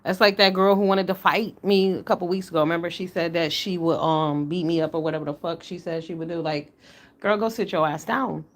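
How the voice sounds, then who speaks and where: Blunt, animated middle-aged woman livestreamer. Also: lowish voice, quick pace, few pauses. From United States. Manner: blunt, animated, swears freely. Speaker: livestream host. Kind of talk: casual livestream talk.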